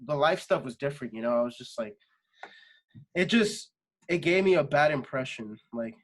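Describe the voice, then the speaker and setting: A man's voice: mid-range voice, animated, moderate pace. A young adult man, a singer guest on a podcast, talking casually and rambling with lots of fillers and swearing. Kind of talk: casual interview chat.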